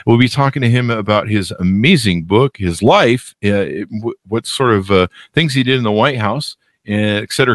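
A man hosting a podcast, rambling and joking his way through the intro, his pitch leaping all over the place. He sounds close and dry on the mic, with no room sound. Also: fairly bright tone, no room sound. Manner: jokey and rambling, with many fillers. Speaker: podcast host. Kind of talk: casual interview chat.

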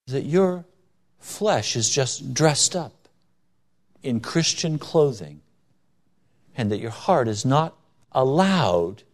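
A man preaching a sermon with emphatic delivery, rising and falling for stress, acting out quoted voices in his stories. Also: on the high side. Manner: acts out quoted voices in anecdotes.

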